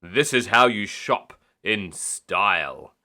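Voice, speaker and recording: A man's voice: lowish voice, lively intonation, slow pace, sharp tone, exaggerated voice. A man voicing a cheerful, fun-loving father pig in a storybook reading, jolly and showy.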